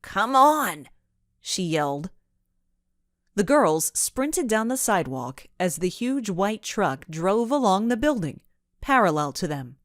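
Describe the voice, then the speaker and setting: Slow, expressive woman audiobook narrator. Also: mid-range voice, no room sound, clean studio sound. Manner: expressive storytelling. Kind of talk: scripted children's audiobook narration.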